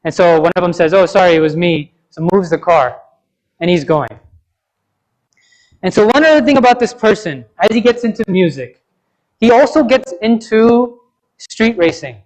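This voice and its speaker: Man, high voice, Friday sermon, chatty storytelling, mosque. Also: sing-song, normal speed, long pauses, a little mellow, low-quality recording. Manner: conversational, tells a story with frequent "right?" and "you know". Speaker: preacher.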